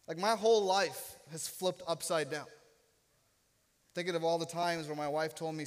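A man's voice: fairly high pitch, fairly even intonation, normal speed. A man in his thirties preaching a sermon as a pastor, telling a personal story with humor and self-deprecating jokes. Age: 30s. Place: church sanctuary. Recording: long reverb of a church hall.

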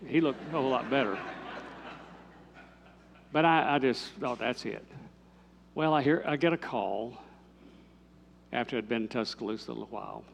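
An older man, a pastor telling a story in a sermon, moving from lively telling to hushed, intimate speech. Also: medium pitch, moderate pace, creaky, pauses often, lo-fi sound, a little hiss or hum.

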